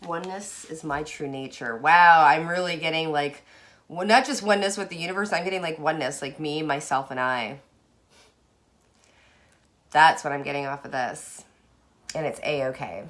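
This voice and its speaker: A woman chatting casually through a tarot reading, effusive, moving from hushed asides to excited bursts. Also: sits low, normal speed. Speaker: tarot card reader.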